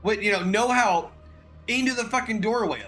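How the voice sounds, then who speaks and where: A man's voice: sits high, moderate pace, pushed and bright, soft background music. A man co-hosting a podcast in casual chat, blunt, sarcastic and profane. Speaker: podcast co-host.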